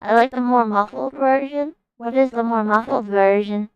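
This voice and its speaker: A young woman streamer chatting casually in an excitable, jokey way, often shouting and laughing. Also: a little high, normal speed, smooth, dry recording, highs cut off, faint music behind. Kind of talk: casual livestream chat.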